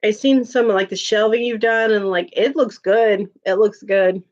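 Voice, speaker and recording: A woman's voice: mid-range voice, steady tone, moderate pace, highs cut off. A woman, chatting casually with her viewers, laughing often and using lots of filler words. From Chicago, USA. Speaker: livestream host. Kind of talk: casual chat reading viewer comments.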